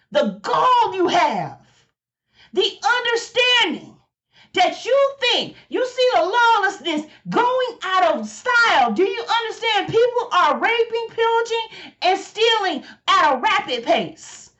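A woman's voice: very high-pitched, fairly bright tone. A woman delivering an impassioned, emphatic sermon, exhorting her listeners and repeating herself for emphasis. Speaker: preacher.

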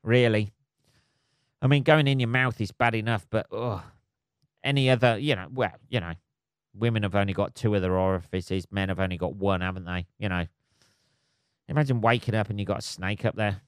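A man's voice: on the low side, a little fast, smooth, dry recording, clean studio sound. A man hosting a solo podcast, rambling, swearing and laughing at his own jokes. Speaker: podcast host.

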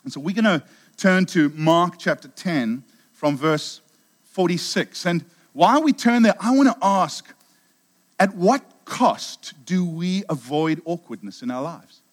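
A man's voice: on the high side, animated, a little slow. A middle-aged man with a South African accent, preaching a sermon in a chatty storytelling way with many restarts. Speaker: pastor.

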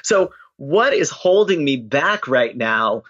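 A man's voice: mid-range voice, very animated, slow, a bit bright, highs cut off. A man chatting playfully as a podcast guest, laughing easily. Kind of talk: casual interview chat.

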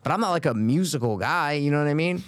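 A man co-hosting a podcast, his pitch rising and dropping in lively swings as he jokes and swears through casual banter. The sound is dry and close. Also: fast, no room sound. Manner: animated, swearing, jokey banter. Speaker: podcast co-host. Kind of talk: casual chat.

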